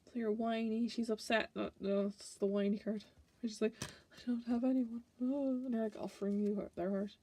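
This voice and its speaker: A woman's voice: mid-range voice, steady tone, normal speed, warm tone, a little hiss or hum. Giggly woman flipping through tarot cards. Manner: chatty, giggly, playful asides. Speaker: tarot reader. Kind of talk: casual deck flip-through.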